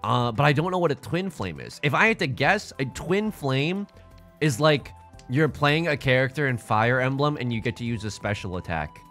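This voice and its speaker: Bright, animated man rambling over game music. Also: mid-range voice, moderate pace. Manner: rambling, goofy, jokey asides. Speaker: streamer. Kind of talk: casual game commentary.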